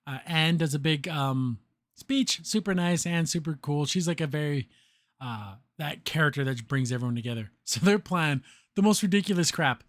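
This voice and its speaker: A podcast host in casual recap mode, talking through a cartoon episode with plenty of laughs. His voice sits a little high for a man, and he breaks into quick impressions of the characters as he goes. The recording is close and dry, with no room sound. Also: dry recording. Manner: chatty, laughs often, acts out characters' lines.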